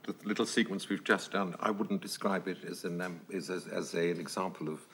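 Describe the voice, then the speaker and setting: A man's voice: sits low, flat delivery, brisk, a bit bright, slight background noise. A man, an actor, raising hedged objections and quibbling over definitions with his teacher. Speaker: actor in a masterclass. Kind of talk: argumentative discussion.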